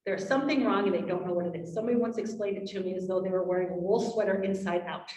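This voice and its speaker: A woman's voice: mid-range voice, very fast. Woman presenting to parents in a room. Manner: animated, acts out parent and child quotes. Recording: roomy, from far off.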